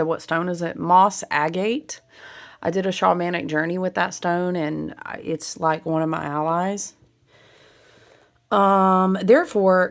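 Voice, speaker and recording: A woman with a low, gravelly voice chats through a spiritual card reading. She drifts between reading card text aloud and loose asides to her viewers, laughing easily. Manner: warm, chatty, laughs often, reads card text aloud. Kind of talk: casual oracle card reading.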